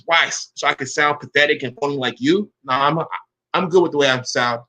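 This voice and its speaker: Male commentator, confrontational rant, profane, crisp bright voice. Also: mid-range voice, moderate pace. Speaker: online commentator. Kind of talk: casual rant to camera.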